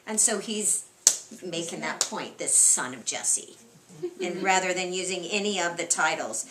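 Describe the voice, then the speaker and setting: A woman's voice: medium pitch, normal speed, echoey room, noisy background. A woman leading an interactive Bible study, asking her group questions and reading scripture aloud with expression. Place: room with a small group.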